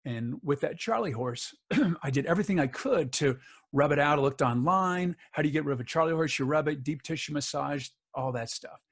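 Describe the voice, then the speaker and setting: A man's voice: fairly high pitch, expressive, fairly quick. A middle-aged man telling a personal story in an interview, acting out the other people's lines as he goes. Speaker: guest, author and voice actor.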